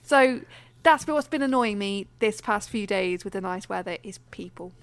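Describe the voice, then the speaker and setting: A woman co-hosting a podcast, ranting in animated, exasperated bursts in casual chat. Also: medium pitch, normal speed, no echo. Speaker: podcast co-host.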